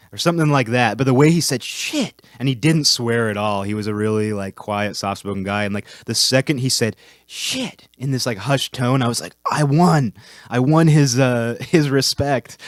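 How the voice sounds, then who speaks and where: Young guy, low voice, chatty rambling monologue with lots of fillers, dry recording. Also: dry recording. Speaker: vlog host. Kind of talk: casual storytelling monologue.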